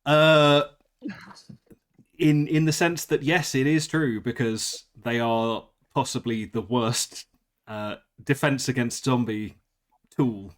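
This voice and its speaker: A man narrating as game master, pausing with fillers as he describes the scene. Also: medium pitch. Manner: hesitant narration with many fillers.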